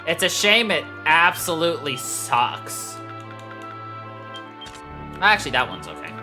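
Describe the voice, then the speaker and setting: A game streamer giving casual, joking, self-mocking commentary and swearing freely. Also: medium pitch. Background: game music.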